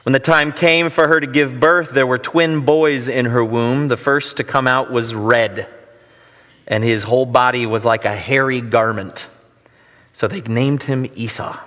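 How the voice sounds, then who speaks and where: A man's voice: mid-range voice, fairly even intonation, measured pace, fairly bright tone. A man preaching a sermon, mixing scripture reading with casual, self-deprecating stories. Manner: conversational, self-deprecating humor. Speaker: pastor. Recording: long hall reverb.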